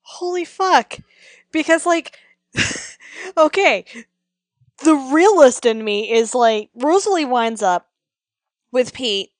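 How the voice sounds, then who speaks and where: A woman's voice: high voice, expressive, takes it slowly, long pauses, dry recording. A woman in casual chat, giving blunt, wry commentary with plenty of swearing. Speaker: podcast co-host.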